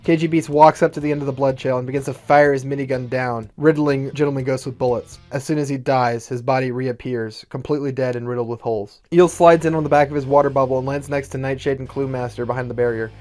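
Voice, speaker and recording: A man reading out his own fan-written action script in a brisk, matter-of-fact way. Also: mid-range voice, fairly even intonation, darkish tone, soft background music. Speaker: storyteller.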